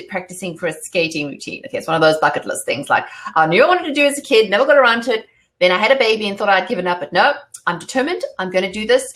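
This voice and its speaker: Quick chatty lady host from south africa, fillers everywhere, restarts mid-sentence. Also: mid-range voice, fairly bright tone. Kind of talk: casual interview chat.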